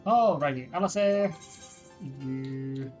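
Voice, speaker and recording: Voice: mid-range voice, takes it slowly, darkish tone. A streamer giving casual, chatty commentary over a game, laughing, swearing and reading game text aloud. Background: game music.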